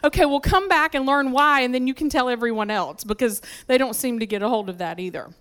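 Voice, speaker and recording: A woman preaching a conversational sermon in church, telling stories from her life with lively asides to the congregation. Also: sits high, brisk, clear, resonant tone. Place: church sanctuary.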